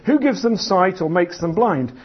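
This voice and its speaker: Guy reading god's lines, patient and commanding, high lively voice, kinda husky. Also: moderate pace. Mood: reassuring. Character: God, a patient commanding male deity. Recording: dull lo-fi sound.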